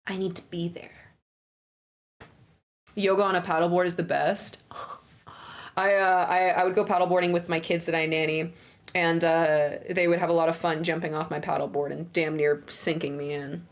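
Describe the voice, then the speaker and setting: A woman's voice: fairly low pitch, little pitch movement, brisk. A young woman livestreamer chatting casually with her viewers, crude, joking and playful. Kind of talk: casual stream chat.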